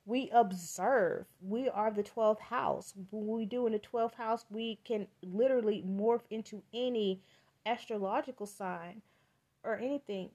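A woman's voice: medium pitch, darkish tone. A woman giving a casual tarot reading for a podcast, talking in a chatty, emphatic and profane way, often repeating words to drive a point home. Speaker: tarot reader.

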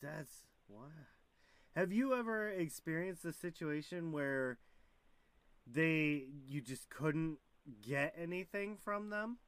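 Unhurried male interviewer. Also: fairly high pitch, expressive, a bit bright, clean tone, dry recording. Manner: laid-back, reactive, with short affirmations. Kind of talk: casual interview.

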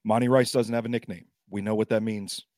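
A man's voice: fairly low pitch, steady tone, a little fast, a little mellow, dry recording, clean studio sound. A man filling in as guest on a sports podcast, talking in a chatty, self-deprecating way while battling a cough. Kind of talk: casual sports talk.

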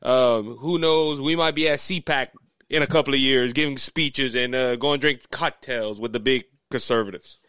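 A man's voice: medium pitch, moderate pace, fairly bright tone, clean tone, dry recording. A man from Louisiana with a Cajun accent, hosting a casual political talk show in a folksy, rambling way. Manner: folksy, repeats and restarts often. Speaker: podcast host. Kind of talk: casual conservative talk chat.

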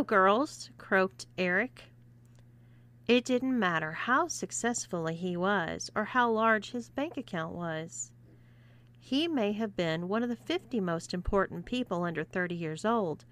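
A woman narrating a scripted story in a smooth, measured reading voice. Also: mid-range voice, a bit bright.

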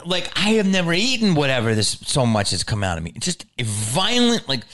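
A man telling a story in a casual, animated way, with frequent swearing and filler words. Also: on the high side, fairly quick.

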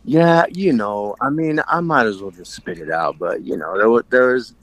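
A man's voice: medium pitch, animated, normal speed, fairly bright tone, no echo. A man co-hosting a casual podcast chat, talking frankly and rambling with frequent laughs. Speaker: podcast co-host.

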